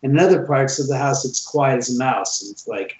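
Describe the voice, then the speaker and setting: A man's voice: medium pitch, a little fast. A man who owns a reputedly haunted house, telling stories in a casual podcast chat and acting out the lines of the people in them. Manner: animated, acts out quoted dialogue. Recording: roomy, dull sound.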